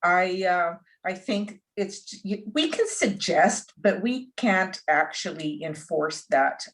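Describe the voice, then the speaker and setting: A woman's voice: lowish voice, animated, slow pace, a bit bright, a little hiss or hum. A woman chairing a town council meeting over a video call, polite and a little hesitant.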